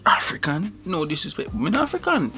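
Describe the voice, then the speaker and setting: A man's voice: a little high, a little fast, soft background music, exaggerated voice. A man putting on a flirty Jamaican-accented guy. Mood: laid-back flirty. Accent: Jamaican, put on. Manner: slangy, relaxed patois-style chatter.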